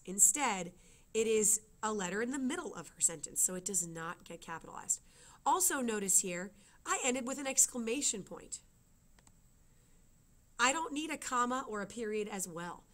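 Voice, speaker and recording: A woman's voice: mid-range voice, a bit bright. Woman teacher explaining punctuation step by step. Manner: explains step by step, often asks "okay?". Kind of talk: classroom writing lesson.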